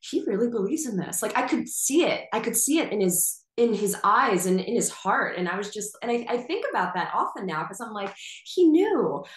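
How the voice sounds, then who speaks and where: A woman guest on a podcast interview, telling stories with eager, animated enthusiasm. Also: medium pitch, a little fast, hardly any pauses, echoey room. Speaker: actress guest.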